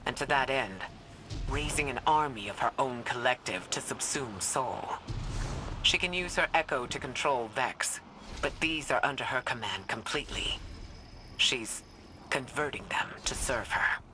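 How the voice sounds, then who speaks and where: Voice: mid-range voice, unhurried, noisy background, lightly acted. An actor voicing an earnest, worried ally in a video game, briefing about a threat.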